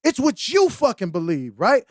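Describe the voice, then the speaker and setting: A man's voice: extremely high pitch, huge pitch swings, normal speed, dry recording, clean studio sound. A man co-hosting a podcast in casual chat, blunt, profane and impassioned. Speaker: podcast co-host.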